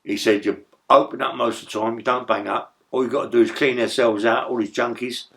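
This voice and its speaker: A man's voice: medium pitch, fairly even intonation, brisk, fairly bright tone. Rambling, swearing man. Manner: swearing, rambling, stammering restarts. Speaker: interview guest, former prisoner. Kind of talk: casual storytelling.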